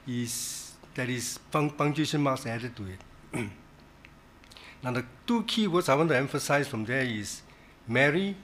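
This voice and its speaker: A man leading a Bible study in a church, teaching in a halting way, repeating words and stressing key words. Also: medium pitch, fairly bright tone, a little hiss or hum.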